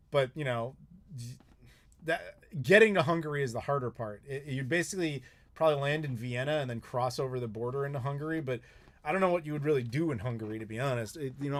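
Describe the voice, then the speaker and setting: An American man hosting a live Q&A, telling travel stories in a casual, animated way and acting out what people said. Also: mid-range voice. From United States. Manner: animated, chatty, quotes people in his stories. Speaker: YouTuber host.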